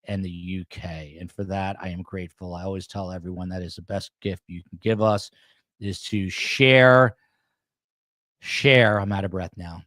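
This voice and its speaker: A man's voice: fairly low pitch, no room sound, clean studio sound. Rambling man hosting a podcast. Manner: rambling, reading chat comments aloud. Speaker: podcast host. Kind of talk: casual livestream sign-off chat.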